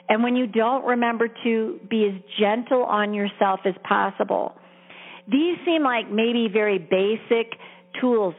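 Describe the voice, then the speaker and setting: A woman career coach talking in an earnest, encouraging, conversational way, heard over a tinny phone-like line with long reverb. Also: on the high side. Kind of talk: coaching talk.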